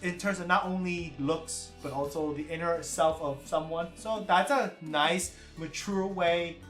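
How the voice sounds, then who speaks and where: A man hosts a relaxed livestream, reading viewer comments aloud and thanking people by name, laughing often as he goes. His voice sits in a roomy space with faint music playing underneath. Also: fairly high pitch, measured pace. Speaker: livestream host. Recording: roomy with stream music behind.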